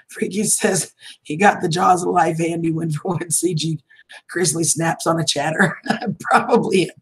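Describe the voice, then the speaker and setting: A woman's voice: lowish voice, takes it slowly, long pauses, slightly rough, rough recording. A woman, chatting casually on a livestream, reading out viewer comments and laughing often. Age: 50s. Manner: warm and affectionate with viewers, laughs often, calls them honey and sweetheart. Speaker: livestream vlogger.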